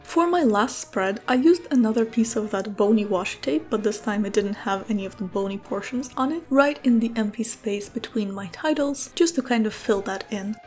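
A woman casually narrating a voice-over for her journaling vlog, easygoing and soft-spoken with frequent fillers. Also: mid-range voice, expressive, a little fast, hardly any pauses, over music. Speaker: bullet journal vlogger.

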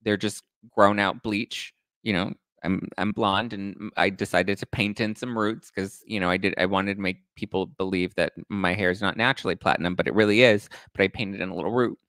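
A young man hosting a casual gossip show, telling stories in a campy, animated way and swearing freely. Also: brisk, few pauses, no echo. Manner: animated, campy, swears freely, acts out quoted people in high voices. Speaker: host.

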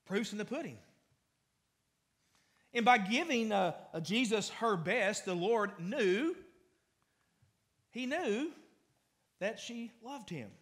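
A man's voice: high voice, expressive, slow pace, pauses often, fairly bright tone. A man pastor preaching a conversational sermon in a church, with frequent restarts and fillers. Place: church sanctuary.

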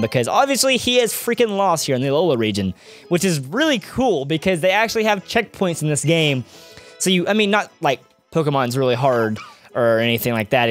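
Chatty young man rambling over gameplay. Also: a little high. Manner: rambling, chatty, goes off on tangents. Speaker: let's-play gamer. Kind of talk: video game commentary.

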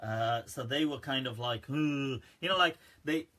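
A man's voice: medium pitch, normal speed, pushed and bright. A man hosting a casual religious talk on a live stream, chatty, with many fillers and laughs at his own jokes. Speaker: Islamic scholar and live-stream host. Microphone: front-facing phone or webcam.

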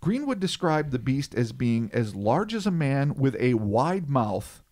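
A man's voice: mid-range voice, sing-song, measured pace, darkish tone. A man in his forties from the United States, hosting a casual podcast and reading his notes, breaking off into profane, digressive asides. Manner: profane, digressive asides between read passages. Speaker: podcast host.

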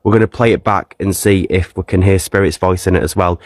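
A man's voice: deep voice, fairly even intonation, brisk, no echo, studio quality. A man hosting a live ghost-hunting stream at a castle, coaxing a spirit to speak and chatting to his viewers through a handheld phone. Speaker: ghost-hunting livestream host. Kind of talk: live paranormal investigation, talking to a spirit and viewers. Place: castle grounds.

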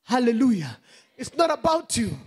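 A woman pastor preaching a sermon with passion. She calls out rhetorical questions and hallelujahs, and she swings between shouting and quiet, low murmurs. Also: sing-song, moderate pace, husky. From Kenya.

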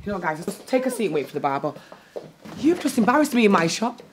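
A woman's voice: mid-range voice, big pitch swings, fast talker, close to an everyday voice. A teenage girl with a British accent playing a female barbershop owner who scolds the boy she raised. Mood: scolding. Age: teens. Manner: scolding, exasperated. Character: female barbershop owner, stern caring guardian. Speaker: amateur youth actor. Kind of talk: amateur drama acting. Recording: roomy, echoey room with faint noise.

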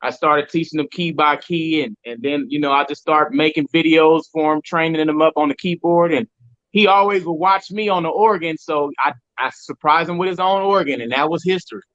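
A man from California, a church musician and father, answering casually as a guest in a relaxed, plain-spoken way. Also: a little high, fairly quick, no room sound, dull audio.

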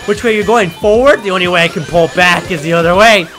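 A young man giving excitable, trash-talking commentary while playing a video game. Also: high-pitched, quick pace, faint music behind. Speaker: gaming video creator. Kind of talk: gameplay commentary.

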